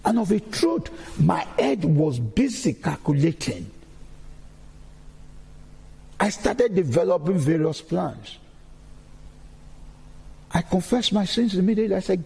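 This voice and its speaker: A man's voice: sits high, sing-song, measured pace, creaky, pauses often, a little mellow, slightly rough, in a large hall. A man giving a sermon-style testimony in a church, repeating key phrases as he preaches.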